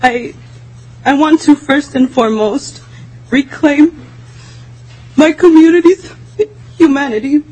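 A woman's voice: high-pitched, takes it slowly, pauses often, darkish tone, low-quality recording. A woman giving impassioned, pleading committee testimony while in tears, her voice breaking. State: tearful, voice breaking. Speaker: public testifier.

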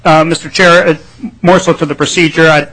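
A man's voice: on the high side, fairly even intonation, a little fast, sharp tone, low-quality recording. A man on a legislative committee, hesitant and polite, full of fillers as he asks about procedure. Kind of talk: procedural question at a hearing.

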